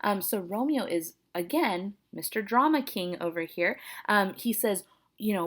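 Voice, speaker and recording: A woman's voice: lowish voice, moderate pace. A woman English teacher reading a play aloud and explaining it to her students in a casual, chatty way.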